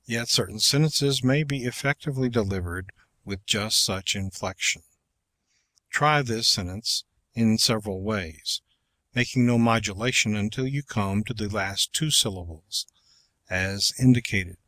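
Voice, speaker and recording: A male audiobook narrator reading an instructional text at an unhurried, careful pace. His voice sits in a middle pitch and sounds dry and close, with no room around it. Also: sharp tone, no room sound. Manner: measured, deliberate reading. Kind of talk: scripted narration of an instructional book.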